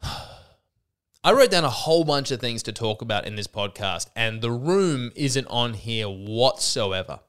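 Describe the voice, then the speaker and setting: A man's voice: mid-range voice, expressive, unhurried, a bit bright, clear, resonant tone. A man in his thirties hosting a podcast, ranting in an exasperated, sarcastic way with many restarts, and a little sick. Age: 30s. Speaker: podcast host. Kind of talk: comedic solo rant.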